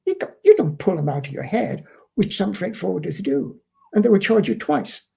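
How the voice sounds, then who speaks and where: Man teaching, husky and gravelly, slow and mellow, earnest, emphatic. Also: sits high, sing-song. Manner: earnest, emphatic, repeats key points. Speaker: shipping trainer. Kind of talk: instructional explanation.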